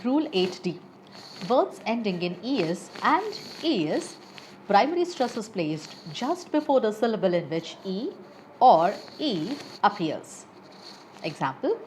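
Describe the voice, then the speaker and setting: A woman teaching English pronunciation, reading rules and then lists of example words slowly and carefully, with an Indian English accent. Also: medium pitch, very animated, a little mellow, slight background noise. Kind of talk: slow, carefully paced pronunciation lesson.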